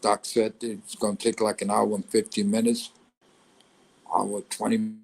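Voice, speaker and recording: A middle-aged man as a guest, telling a story in a blunt, animated way with swearing. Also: lowish voice, measured pace, vocal fry, husky, low-quality recording. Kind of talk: casual storytelling.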